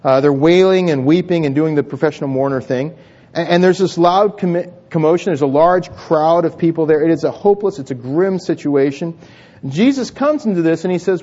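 A man with a high voice preaches to a congregation in a church hall. He talks conversationally, tripping over repeated words and restarting his sentences. The recording sounds dull and lo-fi. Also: fairly quick, dark tone. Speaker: pastor. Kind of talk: sermon.

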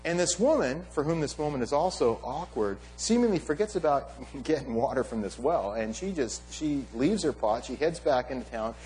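A man's voice: medium pitch, normal speed, hardly any pauses, slight background noise, low-quality recording. A man preaching a sermon, emphatic and conversational, often asking his listeners "right?". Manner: animated, emphatic, with frequent "right?" asides. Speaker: pastor.

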